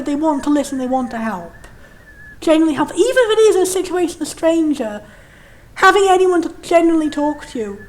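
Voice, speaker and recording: A young woman with a high, light voice talks through a game on her channel. She is frank and rambling, restarting her sentences and swearing now and then as she speaks. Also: expressive, brisk. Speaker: game reviewer. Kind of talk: candid game commentary.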